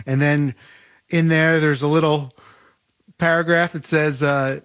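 Man telling history with animated detail. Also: fairly high pitch, a little slow, long pauses, clean tone. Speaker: author guest. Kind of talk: podcast interview.

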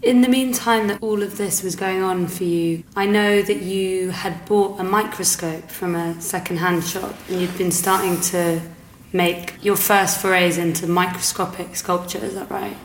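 A woman who interviews a guest and also reads scripted narration in a calm, measured way. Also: fairly low pitch, roomy sound, slight background noise.

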